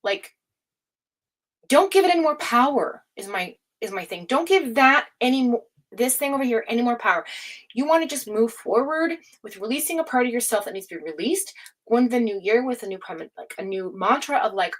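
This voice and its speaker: A woman giving a tarot reading in a forceful, profane, scolding pep-talk manner, with many fillers and restarts. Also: fairly high pitch, animated, brisk. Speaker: tarot reader. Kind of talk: casual spoken tarot reading to camera.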